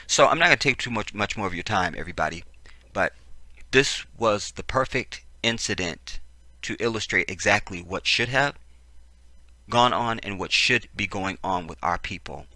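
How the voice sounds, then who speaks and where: A man ranting into a close, dry mic, his fairly low voice cutting hard and sharp. He swears freely, repeats his points for emphasis and keeps checking in with his listeners. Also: a little fast, dry recording. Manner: profane, emphatic, repetitive; frequent "see what I'm saying" asides. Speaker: political commentator. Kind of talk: ranting video commentary.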